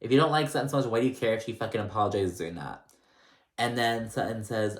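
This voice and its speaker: A man's voice: fairly low pitch, quick pace. A man casually recapping a reality show, gossipy and blunt, with lots of "like" and swearing. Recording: echoey room.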